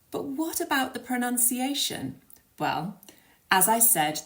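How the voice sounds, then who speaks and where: A woman teaching an English pronunciation lesson, modelling words slowly and clearly for learners to repeat. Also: fairly low pitch.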